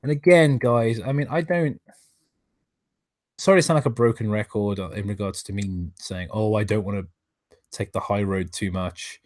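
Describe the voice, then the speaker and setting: A man's voice: lowish voice, normal speed, a little mellow, no room sound. A man reading aloud and commenting on a live stream, exasperated, sarcastic and swearing often, who stops now and then to thank viewers for donations.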